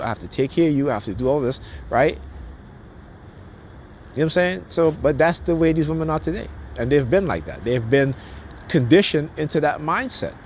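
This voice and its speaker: A man's voice: a little high, a little hiss or hum. Rambling man venting to camera. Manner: rambling and repetitive, restarts a lot, chuckles. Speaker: vlogger. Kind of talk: casual monologue to camera.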